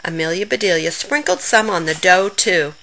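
A woman reading a children's story aloud in an expressive, animated manner. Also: on the low side, normal speed, low-quality recording.

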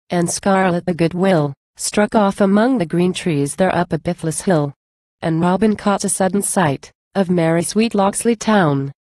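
Low, mellow woman reciting a poem. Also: no room sound. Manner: measured, rhythmic reading. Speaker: narrator. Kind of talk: poetry recitation.

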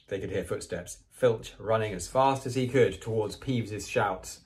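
A man reading a children's novel aloud, with expressive, animated storytelling. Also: lowish voice, moderate pace, few pauses. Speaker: reader.

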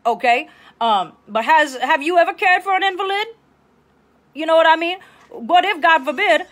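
A woman's voice: sits high, a bit bright. A woman playing a brassy middle-aged Southern advice-show host with a Louisiana accent, chatty and bossy, wandering off on tangents. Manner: chatty, bossy, tangents, keeps asking okay. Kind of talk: improv comedy livestream.

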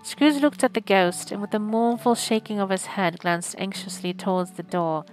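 A woman reading a classic novel aloud as a live audiobook stream, in a measured, expressive way. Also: mid-range voice, soft background music, rough recording. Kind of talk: scripted narration.

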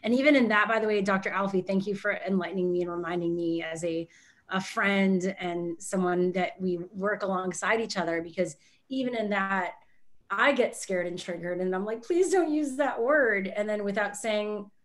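A woman's voice: medium pitch, fairly even intonation, normal speed. A woman from Canada hosting a panel talk over a video call, speaking openly and emotionally, her voice lifting when she is moved. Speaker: host.

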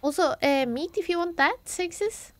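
Woman streaming a game, high animated voice, unhurried, chatty reactions. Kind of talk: live gameplay commentary.

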